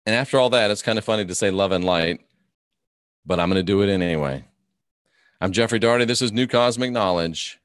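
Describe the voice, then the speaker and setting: A man's voice: lowish voice, a little fast, no echo, studio quality. A man hosting a live stream, ranting and mocking his opponents while reading viewer comments aloud. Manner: mocking, combative, reads chat comments aloud.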